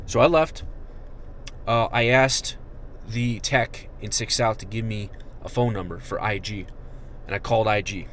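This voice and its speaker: A man's voice: medium pitch, a little hiss or hum. Profane, bitter young male army veteran. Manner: profane, bitter, swings between shouting and muttering. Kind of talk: angry venting monologue.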